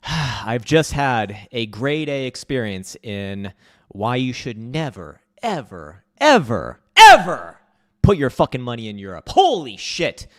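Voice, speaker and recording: A man hosting a crypto market show, ranting with profanity and loud outbursts, muttering while he fixes his setup. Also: fairly low pitch. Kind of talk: casual livestream commentary.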